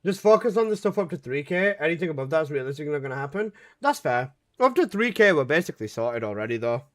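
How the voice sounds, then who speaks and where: A man's voice: on the high side, sing-song, fast talker. A young man streaming a game, chatting casually, reading chat aloud and answering with swearing and laughs.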